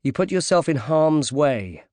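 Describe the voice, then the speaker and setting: A man's voice: fairly high pitch, sing-song, measured pace, darkish tone, no room sound, studio quality, pitched above the performer's own voice. A man voicing a stern female police inspector who speaks coldly and curtly. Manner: cold, clipped.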